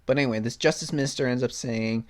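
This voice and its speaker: Blunt, sarcastic podcast host. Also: male voice, mid-range voice, fast. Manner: blunt, sarcastic, swears freely. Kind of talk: solo opinion podcast, reading news and ranting.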